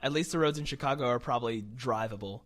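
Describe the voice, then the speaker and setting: A man's voice: mid-range voice, quick pace, fairly bright tone. A young man from West Virginia hosting a casual podcast chat, sarcastic and laughing often. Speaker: podcast host.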